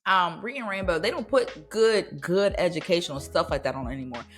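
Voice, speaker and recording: A woman's voice: on the low side, lively intonation, fairly quick, a bit bright, soft background music. A woman in her thirties hosting a podcast, chatting casually and laughing, often slipping into playful voices. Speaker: podcast host. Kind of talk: casual nostalgic podcast chat.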